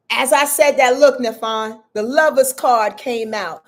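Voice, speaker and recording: A female astrologer hosts a live weekly forecast, speaking directly to viewers in an emphatic, preachy way, calling them "y'all" affectionately and repeating phrases for effect. Her voice is on the high side and her pace is slow.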